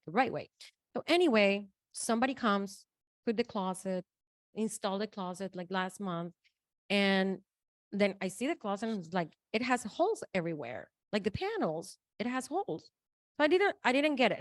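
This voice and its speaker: A woman's voice: fairly high pitch, no echo. Chatty woman telling a story, dry sound. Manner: chatty, many restarts and "like". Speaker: guest. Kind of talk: casual storytelling.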